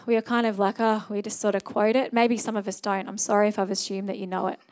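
A woman's voice: medium pitch, level tone, quick pace, darkish tone. A young adult woman delivers a church sermon in a mid-range voice. She talks earnestly and conversationally, with small restarts and fillers. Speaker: preacher. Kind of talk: sermon with altar call and prayer.

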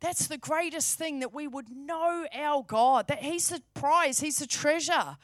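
A woman's voice: sits high, unhurried, no room sound, clean studio sound. A woman preaching a sermon, fervent and emphatic, repeating key phrases for stress.

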